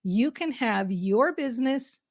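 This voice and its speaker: A middle-aged woman giving an upbeat motivational talk as a mindset coach, emphatic and acting out excited self-talk. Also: a little high, a little slow, dry recording, clean studio sound.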